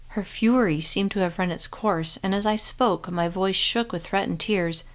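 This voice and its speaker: A woman reading a novel aloud in first-person narration with a steady, clear delivery. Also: mid-range voice, moderate pace, hardly any pauses. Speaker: audiobook narrator.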